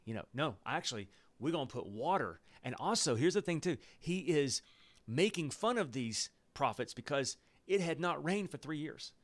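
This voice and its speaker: Playful man teaching a Bible passage. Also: on the high side. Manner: lively and playful, laughing at the story and using slang asides; pauses the reading to explain in plain words. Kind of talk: Bible study teaching, reading and explaining scripture.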